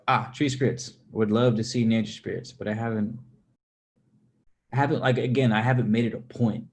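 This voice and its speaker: A man rambling in a relaxed, casual way as he answers his livestream chat. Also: mid-range voice, normal speed, slight background noise. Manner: rambling, relaxed, with many fillers and restarts.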